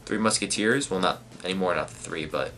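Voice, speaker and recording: A man hosting a live manga reaction, reading pages aloud and thinking out loud with casual swearing and lots of fillers. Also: low voice, a little fast. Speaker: manga reaction channel host.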